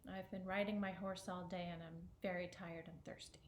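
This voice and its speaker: A woman's voice: fairly low pitch, level tone, normal speed, echoey room, a little hiss or hum, natural voice. A woman storyteller voicing a greedy king who makes plain, matter-of-fact demands. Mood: demanding.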